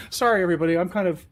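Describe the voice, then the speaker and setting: A man streaming a truck game, chatting casually and rambling, often chiding himself as he plays. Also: fairly high pitch. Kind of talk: casual live-stream commentary.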